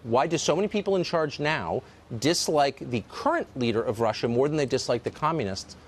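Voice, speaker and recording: A man's voice: mid-range voice, lively intonation, a little fast. A man hosting a cable news show, putting pointed, probing questions to his guest.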